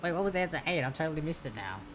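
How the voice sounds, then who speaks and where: Bubbly low-voiced woman hosting trivia. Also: lively intonation, racing, slight background noise. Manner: bubbly, laughs often, playful asides. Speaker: trivia quiz host. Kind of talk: live-streamed trivia hosting, chatty.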